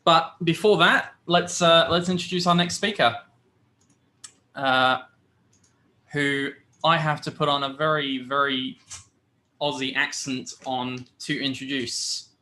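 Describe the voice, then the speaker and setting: Male con host on a video call, bright tone, a bit high, chatty and loose. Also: slow, pauses often. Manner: relaxed, chatty, loose fillers. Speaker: conference host. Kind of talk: casual livestream chat.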